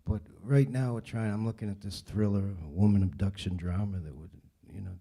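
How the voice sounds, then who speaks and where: A man speaks in a low, dark, husky voice. He answers questions in an easygoing, rambling way, full of fillers and restarts. It is casual panel talk. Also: a little fast. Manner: relaxed, rambling, frequent fillers. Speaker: director answering audience questions.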